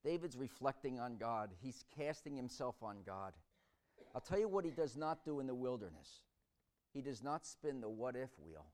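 A man preaching a sermon, swinging between hushed reflection and loud, dramatic storytelling. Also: mid-range voice, very animated, moderate pace.

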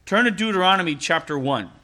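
A man's voice: sits high, expressive, fast talker, sharp tone. A middle-aged man preaching a sermon as a pastor, in a conversational storytelling manner with frequent laughs.

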